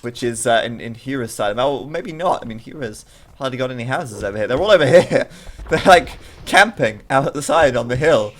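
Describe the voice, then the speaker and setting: A man commentating a strategy video game live, chatty and excitable, with jokey asides between the action. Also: medium pitch, fairly quick.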